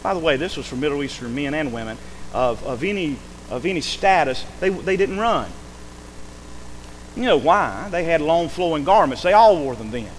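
A man's voice: a little high, expressive, moderate pace, a little hiss or hum, poor audio. A man, a pastor, preaching a sermon emphatically, acting out quoted speech and calling for amens.

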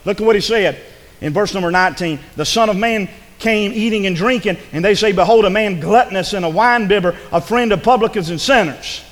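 A man preaching a sermon in church, swinging between loud, emphatic passages and hushed ones. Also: high-pitched, fairly quick, long reverb tail. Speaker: pastor.

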